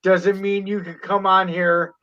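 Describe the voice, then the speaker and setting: Slow-talking man on dull lo-fi audio. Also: high voice, level tone, sharp tone. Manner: drawling, laid-back and joking. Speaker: stream co-host. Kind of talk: casual livestream chat.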